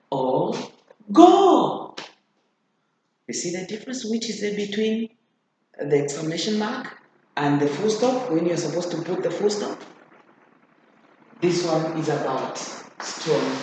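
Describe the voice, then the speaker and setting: Slow, deliberate teacher in an echoey room. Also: medium pitch. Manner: repeats key phrases for emphasis; addresses students directly with checking questions. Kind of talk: classroom grammar lesson. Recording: very echoey room, faint noise.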